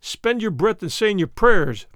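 A man's voice: high-pitched, big pitch swings, measured pace, a bit bright, no room sound, clean studio sound, heavily acted. A man voicing a bold, proud masked male outlaw in an audiobook reading, commanding and scornful. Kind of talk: audiobook character voice.

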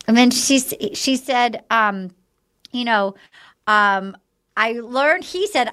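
Chatty woman host, kinda high voice, laughing and swearing as she tells the story. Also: a little slow, fairly bright tone. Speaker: podcast host. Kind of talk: casual chat recapping a reality show.

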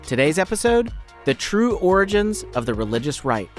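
A man hosting a podcast, narrating a story in a measured, explanatory way. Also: high voice, big pitch swings, soft background music. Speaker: podcast host.

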